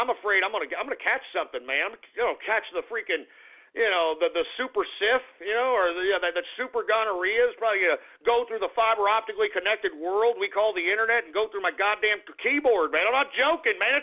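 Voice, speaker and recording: A man hosting talk radio, ranting in a profane, rambling and indignant way, heard over tinny phone-line radio audio. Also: high voice. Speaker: radio talk show host.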